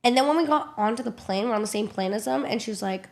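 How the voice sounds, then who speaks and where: A young woman streamer telling a casual story to her chat, animated and swearing a lot. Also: medium pitch, fast, few pauses. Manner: animated, swears a lot, acts out loud kids.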